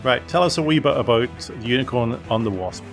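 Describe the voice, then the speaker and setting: Man in midlife, hosting a relaxed podcast chat. He talks at an everyday pitch, asks lots of questions and often restarts his sentences. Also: fairly quick, soft background music. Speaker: podcast host. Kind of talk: casual family podcast chat.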